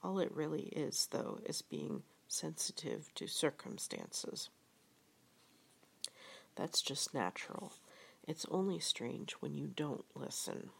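A woman giving a soft-spoken reading of a storybook with reflective passages, often half-whispered. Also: low-pitched, expressive, slow, creaky, slightly rough. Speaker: reader.

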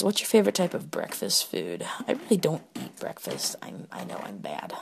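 A woman's voice: rumbling low, gravelly, a little mellow. A young woman chatting candidly into her phone, rambling and giggly with lots of fillers. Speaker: solo podcaster answering question prompts. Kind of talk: casual candid chat.

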